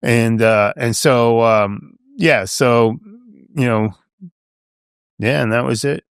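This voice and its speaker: As a podcast guest, a man in his seventies from Long Island, New York, tells a casual story, rambling and saying "you know" and "right?" throughout. He speaks slowly in a clear, resonant, medium-pitched voice. The audio is clean, dry studio sound.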